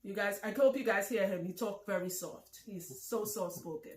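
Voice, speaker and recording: A woman in her thirties hosting a casual vlog, talking loudly and bluntly and laughing often. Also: medium pitch, normal speed. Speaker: vlog host. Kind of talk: casual talk to camera. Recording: echoey room.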